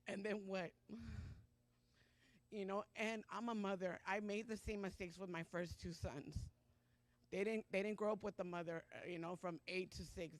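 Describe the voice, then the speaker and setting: A middle-aged woman giving a personal testimony at a church Sunday service, speaking in a halting, emotional way with many pauses and fillers. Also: lowish voice, no echo.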